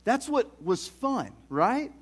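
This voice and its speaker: A middle-aged man, preaching a sermon in a folksy, animated storytelling way with many restarts. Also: extremely high pitch, slow, husky. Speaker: pastor.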